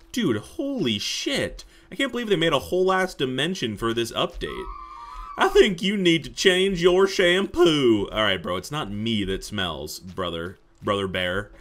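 Excitable young man playing a video game. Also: on the low side. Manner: excitable and jokey, swears when surprised. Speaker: gaming commentator. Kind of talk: casual let's-play commentary.

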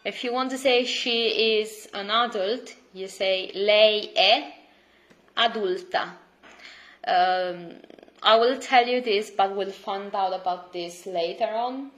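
A woman's voice: mid-range voice, takes it slowly, a bit bright. A woman teaching a beginner language lesson, repeating words patiently and stressing each one. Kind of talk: slow, clear online language lesson.

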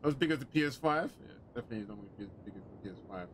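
Excitable man doing gameplay commentary. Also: mid-range voice, very fast, a little hiss or hum. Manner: chatty, excitable, joking asides. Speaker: gaming commentator. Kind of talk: casual let's-play commentary.

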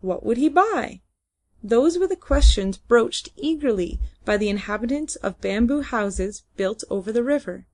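A woman's voice: fairly high pitch, lively intonation, normal speed, few pauses, a little mellow. Woman narrating a classic novel audiobook. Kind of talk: scripted narration.

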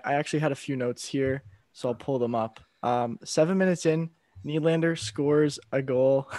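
A man's voice: mid-range voice, no echo, clean studio sound. A tired man co-hosting a casual hockey podcast, chatting loosely and reading a sponsor spot. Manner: relaxed, reads a sponsor spot. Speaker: podcast co-host.

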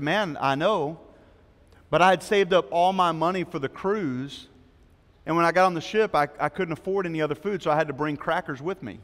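A man's voice: a little high, fairly bright tone. A man preaching a sermon as pastor, telling a story with quoted voices before an earnest appeal. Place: church sanctuary. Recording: long hall reverb.

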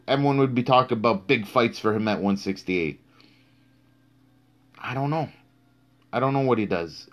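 A man hosting a live-streamed boxing talk show, speaking bluntly and cursing heavily for emphasis. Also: medium pitch. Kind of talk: live-streamed casual commentary.

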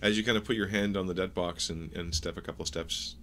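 Guy running a tabletop game, deep voice, lots of uh's while he describes stuff. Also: fairly even intonation, pushed and bright, slight background noise. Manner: halting, descriptive narration with many fillers. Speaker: game master.

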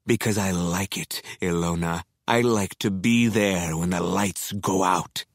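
A male narrator voicing a sadistic killer who gloats calmly, grinning, in an audiobook. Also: low voice, no echo, clean studio sound, voice pushed down. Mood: gloating. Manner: slow, relishing, grinning. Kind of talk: audiobook character voice.

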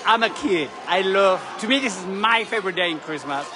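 A man whose voice sits high speaks a little fast as he excitedly narrates a live travel vlog from an outdoor city balcony above a parade street. Chatty and gushing, he competes with loud street sounds, a cheering crowd and church bells.

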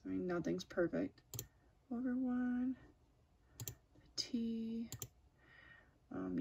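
A woman in her thirties casually walking through embroidery software at her home computer, hesitant and self-deprecating, with lots of ums. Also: mid-range voice, gravelly, slightly rough. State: has the hiccups. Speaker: crafter demonstrating software. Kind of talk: casual screen-recorded tutorial.

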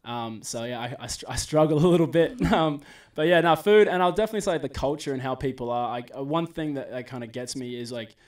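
A young Australian man chatting as a podcast guest, easygoing and quick to laugh. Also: mid-range voice. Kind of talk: casual podcast chat. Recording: voice a bit far from the mic.

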